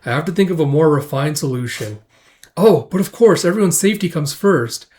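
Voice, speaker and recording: A man doing a gentle young woman who hides a deadly side, speaking in a sweet, apologetic falsetto. She sounds flustered and eager to please, with her voice pushed up high. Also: expressive, fairly quick, close to an everyday voice. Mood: anxious.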